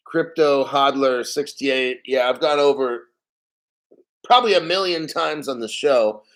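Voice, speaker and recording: A man's voice: medium pitch, unhurried, a bit bright. A man hosting a crypto livestream, reading viewer comments and rambling in a conspiratorial, casual way. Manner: rambling, conspiratorial, reads chat comments aloud. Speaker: crypto channel host.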